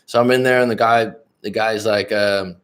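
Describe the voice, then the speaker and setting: Outgoing young American guy from the Bay Area, slightly low voice, chatty and profane, riffing to live chat. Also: steady tone, normal speed, a bit bright. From California, Bay Area. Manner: talkative, outgoing, swears casually. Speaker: life coach hosting a livestream. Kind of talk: casual storytelling to live chat.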